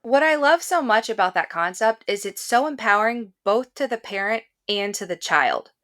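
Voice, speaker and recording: A woman's voice: on the high side, animated, normal speed, fairly bright tone. Enthusiastic woman hosting a podcast. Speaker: podcast host. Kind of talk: podcast interview.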